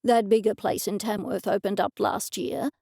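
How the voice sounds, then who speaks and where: A woman voicing a calm, professional male accountant who speaks in a measured way. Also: mid-range voice, gravelly, no room sound, studio quality. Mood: level. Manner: measured and matter-of-fact.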